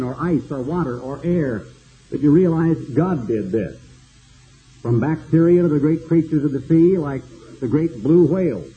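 An older man preaching a sermon, slow and cadenced, building long repeated lists. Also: mid-range voice, dull audio.

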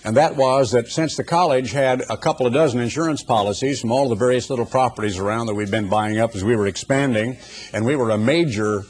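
A man's voice: mid-range voice, darkish tone, husky. An older man preaching a sermon, telling folksy stories with humorous asides before turning to scripture. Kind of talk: sermon with anecdotes.

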